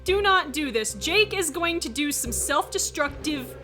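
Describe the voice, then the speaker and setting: A woman streaming a visual novel playthrough, reacting out loud in an excitable, exclamatory way and swearing freely. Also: high voice, unhurried. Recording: faint game music behind.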